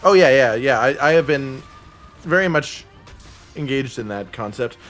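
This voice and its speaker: A man's voice: mid-range voice, animated, normal speed, fairly bright tone, soft background music. A young man co-hosting a gaming video, answering his partner with dry, bemused remarks and playful teasing. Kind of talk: casual gameplay banter.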